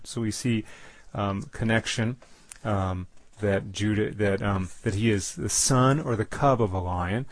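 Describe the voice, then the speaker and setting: A man giving a Bible teaching, halting often with fillers and restarts. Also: on the low side, no room sound. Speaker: preacher.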